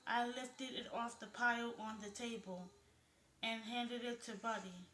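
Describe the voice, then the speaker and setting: A woman reading a novel aloud as its narrator, in an even storytelling manner. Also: on the high side, unhurried, slight background noise. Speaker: audiobook narrator. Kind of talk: scripted narration. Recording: roomy echo.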